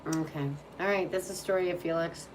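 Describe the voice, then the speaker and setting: A woman's voice: fairly low pitch, steady tone, a little fast. A woman tarot reader chatting casually and cooing in baby talk to her dog. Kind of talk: casual chat. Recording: distant mic with faint background hum.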